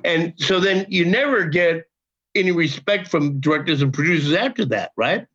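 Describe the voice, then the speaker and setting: An older man tells a story with big swings in his voice, jumping high and dropping low as he plays each person he quotes. His pitch sits high for a man, and he swears freely and laughs as he goes. The recording sounds dull and lo-fi. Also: normal speed. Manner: animated, profane, acts out quoted voices. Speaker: podcast guest, actor. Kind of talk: casual storytelling.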